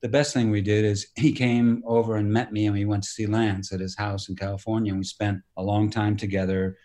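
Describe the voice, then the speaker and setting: A man in his sixties, an actor and director, telling stories in a relaxed interview, acting out quoted dialogue. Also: lowish voice, a little fast. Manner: storytelling, acts out quoted dialogue, mild profanity. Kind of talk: relaxed anecdotal interview talk.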